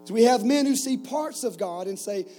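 A man's voice: very high voice, expressive, normal speed, warm tone, a little hiss or hum, low-quality recording. A man in his forties preaching to a camp group, telling stories with jokes and rhetorical questions. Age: 40s. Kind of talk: sermon with stories.

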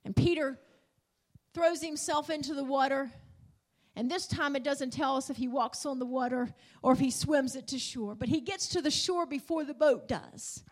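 High-pitched lady preaching in church, emphatic, lots of hallelujahs. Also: normal speed. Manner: emphatic, rising and falling, repeated hallelujahs. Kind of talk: sermon. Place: church in front of a congregation.

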